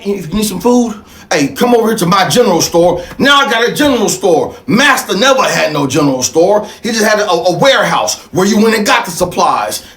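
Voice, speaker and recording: Fiery, profane high-voiced man. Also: a bit bright, reverberant. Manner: fiery, profane, preaching, repeats points for emphasis. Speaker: show host. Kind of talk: impassioned monologue.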